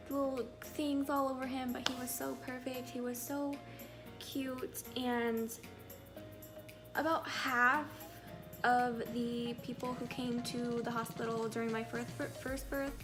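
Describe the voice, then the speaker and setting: A woman in her twenties, a young mother candidly telling her birth story to camera in a chatty, rambling way. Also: on the high side. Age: 20s. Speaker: vlogger and mother.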